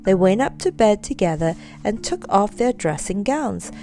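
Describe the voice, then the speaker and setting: A woman reading a children's story aloud, expressive and storytelling. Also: medium pitch, moderate pace.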